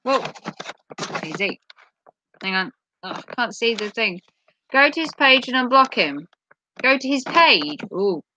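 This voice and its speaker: A woman hosting a casual livestream who reads viewer comments aloud, flustered and apologetic as she thinks out loud. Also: a little high, animated, measured pace, pauses often, dull audio, noisy background. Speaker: livestream host. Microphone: tablet device.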